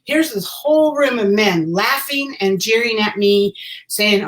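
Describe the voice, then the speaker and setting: A woman's voice: medium pitch, expressive, normal speed, low-quality recording. A woman vlogger telling a personal story to camera in a casual, rambling way, repeating phrases for emphasis and chuckling at herself.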